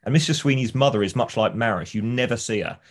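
A man's voice: mid-range voice, lively intonation, fast talker. A man, co-hosting a podcast, chatting casually and enthusiastically retelling TV scenes. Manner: enthusiastic storyteller, acts out scenes. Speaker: podcast co-host. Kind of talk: casual chat.

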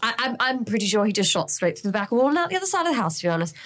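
A woman playing a tabletop game, telling her part of the story in an animated way, with sound effects and casual swearing. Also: fairly high pitch, rapid-fire. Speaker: player. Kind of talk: in-character recap in a tabletop game.

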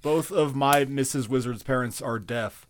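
A man's voice: mid-range voice, normal speed, a little hiss or hum. A man co-hosting a podcast in casual chat, telling stories with enthusiasm and casual swearing. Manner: enthusiastic storyteller, laughs often, swears casually. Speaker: podcast co-host.

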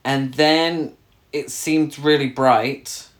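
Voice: mid-range voice, steady tone, drawn-out words. Exasperated sweary podcast co-host. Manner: exasperated, sweary, rambling with restarts. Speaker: podcast co-host reviewing a film. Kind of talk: casual chat.

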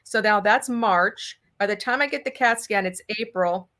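A woman's voice: medium pitch, moderate pace. A middle-aged woman from California, a guest in a conversational interview, telling a story animatedly and acting out the dialogue. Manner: animated, acts out dialogue in quotes. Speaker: political candidate guest.

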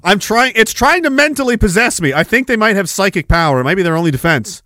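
A man with a high voice hosts a livestream podcast, rambling through a profane rant. He swears freely and chuckles as he goes, jumping from loud bursts to half-mumbled asides. The sound is close and dry, with no room around it. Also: lively intonation, fast talker, few pauses, no room sound. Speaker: podcast host.

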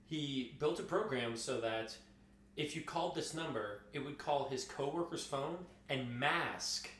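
A man telling casual anecdotes as a podcast co-host, animated and quick to act out quotes. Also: mid-range voice, echoey room, slight background noise. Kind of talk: casual storytelling.

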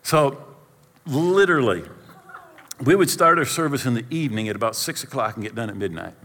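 A middle-aged male pastor with a medium-pitched voice tells a humorous personal story during a sermon, speaking briskly in what sounds like a big room. He is animated and self-deprecating, acting out the scenes as he goes.

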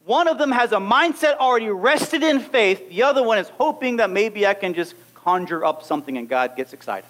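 Male preacher, high voice, wide swings in pitch, animated sermon delivery. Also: fairly quick, few pauses. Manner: animated, acts out little scenes and voices.

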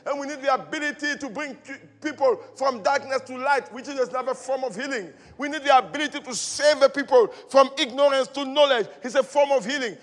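A high-pitched man preaches a passionate sermon, repeating his lines and swinging between quiet pleading and loud declaration. His voice rings out with a long hall reverb behind it. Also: fairly quick, hardly any pauses. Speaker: pastor.

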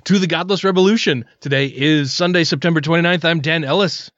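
Joking podcast host, dry lo-fi sound. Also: male voice, a little high, brisk, a bit bright, no room sound. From Wisconsin. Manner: joking, swears casually. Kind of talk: casual podcast chat.

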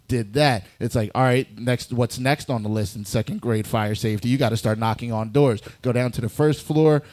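A man tells a long comedic story in a relaxed, profane, conversational way. His voice sits at an ordinary middle pitch. He jumps into quick voices for the people he quotes. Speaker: guest storyteller.

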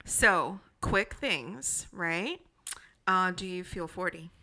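A woman's voice: on the low side, animated, slow pace, pushed and bright. A woman in her forties co-hosting a podcast, chatting casually and teasing her husband in playful banter. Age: 40s. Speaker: podcast co-host. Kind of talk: casual chat.

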